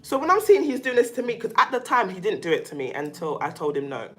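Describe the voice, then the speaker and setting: A woman's voice: medium pitch, very animated, fast, noisy background. Chatty woman hosting a livestream. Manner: chatty, reads out viewer comments, many fillers and restarts. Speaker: livestream host on narcissistic abuse. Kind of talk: casual livestream chat.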